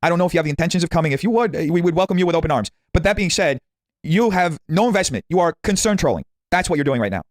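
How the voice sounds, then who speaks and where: A man on a livestream pushing back hard at a viewer, with his words tumbling out very fast. His voice sits a bit high, and the sound is dry and close. He comes across as defensive and combative. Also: expressive, no room sound. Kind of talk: livestream argument.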